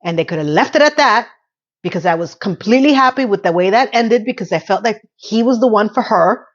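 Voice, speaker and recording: A middle-aged woman recaps a TV episode in a loose, candid, talky way, blunt about what she likes and dislikes. Her voice sits at an ordinary pitch for a woman. The recording sounds a little dull and lo-fi. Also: lively intonation, brisk. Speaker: TV recap host. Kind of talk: casual TV recap commentary.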